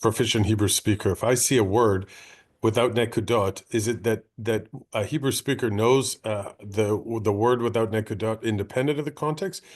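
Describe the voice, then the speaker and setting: Low-voiced man asking a question. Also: normal speed. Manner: tentative, thinking aloud. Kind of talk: classroom question.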